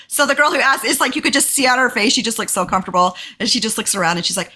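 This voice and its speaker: Fast, fairly high, and with a breathy edge, this Texan woman's voice carries her casual storytelling as a podcast co-host. She gets animated, acting out quoted lines in a raised voice.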